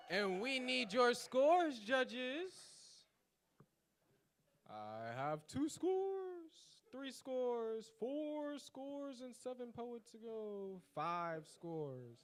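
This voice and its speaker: A man hosting a poetry slam, loudly announcing judges' scores and calling up poets. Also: very high-pitched, huge pitch swings, drawn-out words. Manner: loud, hyping up the crowd. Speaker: slam host.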